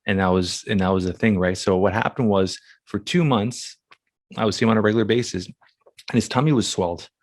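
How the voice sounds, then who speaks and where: A man hosting a podcast who speaks in a halting, emotional way, restarting often as he talks about family. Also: fairly low pitch, no echo. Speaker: podcast host. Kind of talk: casual conversation.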